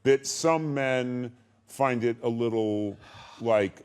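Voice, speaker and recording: A man hosting a talk show, asking a guest a drawn-out question. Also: medium pitch, darkish tone, clean tone.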